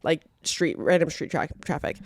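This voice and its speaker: A young woman co-hosting a podcast, telling a story in animated, laughing casual chat, full of "like". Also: low voice, moderate pace, creaky, no room sound, studio quality. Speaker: podcast co-host.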